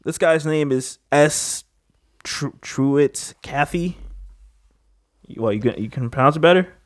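A man's voice: fairly high pitch, a little fast, dry recording, studio quality. A young man hosting a casual podcast, laid-back, laughing often and stumbling when he reads aloud. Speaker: podcast host.

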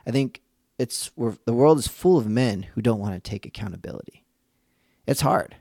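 In a dry, studio-quality recording, a man with a warm, gravelly, mid-range voice speaks expressively at a moderate pace. He hosts a podcast for dads, musing earnestly and casually while restarting sentences and mimicking the people he quotes.

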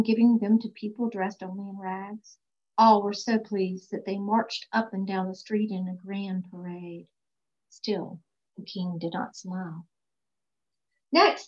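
A woman reading a children's story aloud, expressive and slow on emphatic phrases. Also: medium pitch. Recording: dull lo-fi recording.

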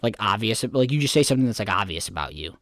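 A young podcast co-host with a fairly low, lively voice talks quickly in casual chat, rambling and swearing as he gets worked up in a rant. The recording is dry, clean studio sound with a slightly bright tone.

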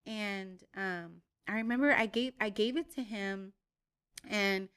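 A young adult woman, a podcast co-host, telling a story in animated casual chat, full of "like" and swearing. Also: mid-range voice, unhurried, clear, resonant tone.

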